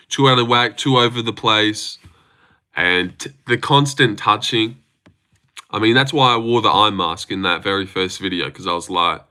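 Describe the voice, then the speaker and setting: Bright-voiced young streamer. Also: male voice, lowish voice. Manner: teasing, self-mocking banter. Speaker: livestream host. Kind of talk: casual livestream chat.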